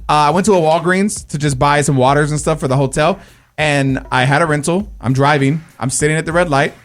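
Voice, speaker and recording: A man's voice: fairly high pitch, fairly quick. A man hosting a radio show, telling stories in casual chat and often calling people bro. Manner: animated storytelling, says bro a lot.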